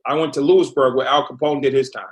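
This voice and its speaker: A middle-aged man telling his life story as a podcast guest, animated and acting out the people he quotes. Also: mid-range voice, fast. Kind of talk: storytelling interview.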